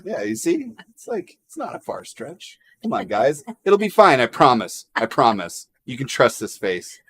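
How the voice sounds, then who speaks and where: A man's voice: a little high, wildly swooping pitch, moderate pace. A man hosting a casual livestream chat, joking around, laughing often and reading out viewer comments. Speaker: livestream host.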